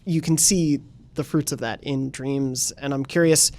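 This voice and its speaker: Male host, gravelly fry, eager rambling questions. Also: mid-range voice, fairly even intonation, unhurried, a little mellow, slight background noise. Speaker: podcast host. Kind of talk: casual chat.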